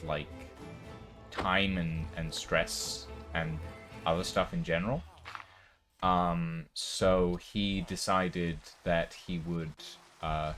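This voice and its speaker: A man's voice: deep voice, fairly bright tone. A man streaming, chatting casually with many fillers and restarts. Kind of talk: casual chat.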